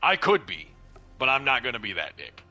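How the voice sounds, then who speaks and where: A man telling a profane, animated paintball story in casual chat, acting out what people said. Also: medium pitch, fairly quick, highs cut off, soft background music. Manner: profane, animated, acts out dialogue.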